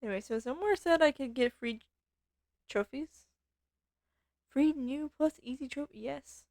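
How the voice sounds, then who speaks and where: A woman's voice: high voice, moderate pace, darkish tone, no room sound, studio quality. A woman streamer chatting playfully to her viewers while she plays a game. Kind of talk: casual game commentary.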